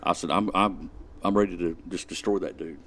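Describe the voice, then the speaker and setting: A man's voice: low-pitched, fairly quick, fairly bright tone. A man in his forties, a podcast guest, retelling a prank story in a laid-back, dry way. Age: 40s. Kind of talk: casual storytelling chat.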